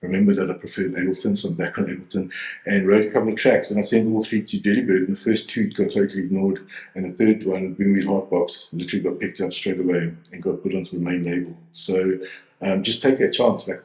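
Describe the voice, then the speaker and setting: A man in his forties with a very low voice, chatting loosely as a guest and circling back on himself with fillers and restarts. He is from South Africa and speaks over a video call. The sound is roomy, with a clear echo around the voice. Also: little pitch movement, quick pace, darkish tone. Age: 40s. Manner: rambling, many fillers and restarts. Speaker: DJ and producer guest. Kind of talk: casual interview chat.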